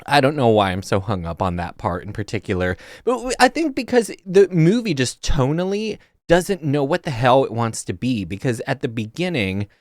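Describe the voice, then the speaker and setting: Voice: mid-range voice, normal speed, hardly any pauses, dry recording. Exasperated film reviewer, dry sound. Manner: exasperated, animated, many fillers. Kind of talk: casual spoiler review.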